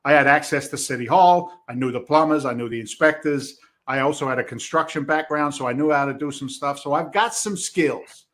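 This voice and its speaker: A man's voice: fairly high pitch, brisk, few pauses, fairly bright tone. A middle-aged man with a Boston accent, a podcast guest telling stories with energy, acting out the quoted lines and swearing casually. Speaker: podcast guest, real estate investor. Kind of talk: animated storytelling in conversation.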